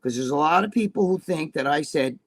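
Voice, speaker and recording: A man's voice: on the high side, expressive, a little fast. A man talking as a podcast guest, telling blunt, profane stories and checking in with his listener as he goes. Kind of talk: casual chat on a live-streamed podcast.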